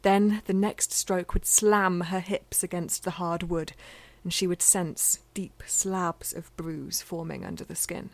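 A woman reading a novel aloud in a measured, intimate way, sometimes dropping to a near-whisper. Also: fairly low pitch, fairly even intonation, creaky. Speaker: audiobook narrator. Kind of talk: scripted fiction narration.

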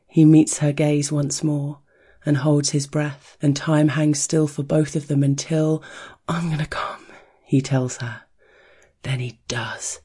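A narrator with a mellow, breathy voice reads a scripted story in a hushed, unhurried way. The delivery stays even and rhythmic, sometimes sinking into soft whispers. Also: medium pitch.

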